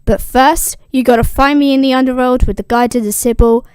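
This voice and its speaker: Dead dad ghost bossing his son around, woman putting him on, kinda slow, smooth dry audio. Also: high voice, steady tone, darkish tone, no echo, lightly acted. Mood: instructive. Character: male ghost of an old father, commanding.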